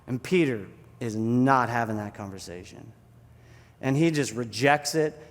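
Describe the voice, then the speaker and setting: A pastor giving a sermon, telling a story in an animated, conversational way. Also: male voice, mid-range voice, measured pace, big-room sound.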